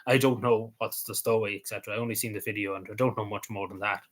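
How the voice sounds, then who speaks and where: A man with a Cavan Irish accent chatting casually on a live stream, answering comments in a halting way that trails off quietly at the ends of phrases. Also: fairly low pitch, fairly even intonation. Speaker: livestreamer.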